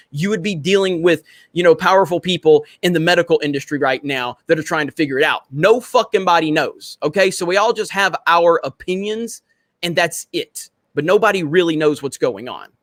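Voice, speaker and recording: A man's voice: high voice, fairly bright tone, dry recording. A man hosting a live stream, chatting casually and bantering with viewers in a brash, profane way.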